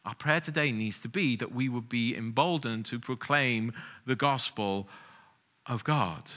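A man in his forties gives a sermon from a church pulpit, his voice bright and clear. He speaks conversationally, slipping in light self-deprecating asides between points. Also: mid-range voice, a little slow. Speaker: pastor.

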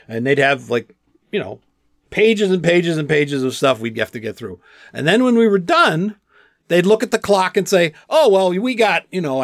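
Animated man telling lively stories. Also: a little high, dry recording. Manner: animated storyteller, acts out quotes. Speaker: voice actor guest. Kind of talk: casual podcast interview. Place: outdoors, with gnats around.

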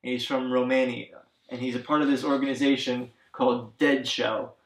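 A man's voice: medium pitch, level tone, moderate pace. Rambling man chatting in an echoey room. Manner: rambling, many fillers, acts out characters' lines. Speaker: podcast co-host recapping a video game. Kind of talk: casual chat.

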